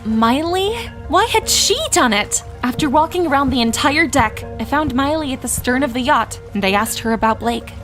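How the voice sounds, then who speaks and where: High-voiced young woman telling a dramatic story. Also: lively intonation, normal speed, hardly any pauses, fairly bright tone, faint music behind. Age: young adult. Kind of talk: first-person storytime narration.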